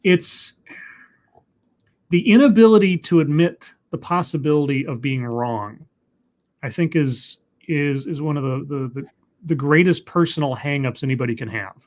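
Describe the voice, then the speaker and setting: A man's voice: a little high, normal speed, darkish tone. Reflective man with a raised voice. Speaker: host. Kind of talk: casual conversation.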